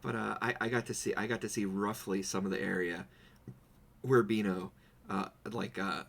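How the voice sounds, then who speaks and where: A man's voice: on the low side, fairly even intonation, moderate pace, gravelly, a bit bright. A man co-hosting a podcast in casual chat, telling stories with goofy put-on quotes. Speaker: podcast co-host. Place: home streaming setup.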